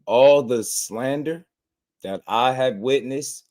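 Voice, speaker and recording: A laughing man hosts a boxing channel's livestream, keeping the chat casual and easygoing while shouting out viewers by name. His voice is medium in pitch and he talks slowly.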